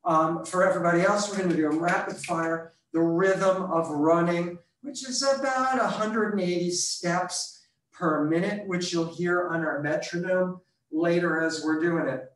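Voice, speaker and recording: A man coaches runners through a live video-call workout, counting reps in an unhurried, drawn-out way. He is a little out of breath and clears his throat now and then. His voice echoes around the room he is in. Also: high voice. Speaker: running coach. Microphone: computer mic on a video call.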